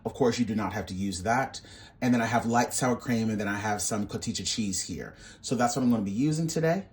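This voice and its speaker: A man's voice: on the low side, fairly quick. A man hosting his cooking channel, walking through a recipe in a casual, sassy, playful way and calling viewers baby and honey.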